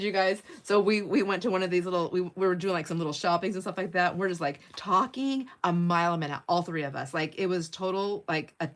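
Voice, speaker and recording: A middle-aged woman with a slightly low voice hosts a casual craft livestream. She chats freely, laughs often and reads viewer comments aloud as she works at her table. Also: a little fast, hardly any pauses. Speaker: livestream host.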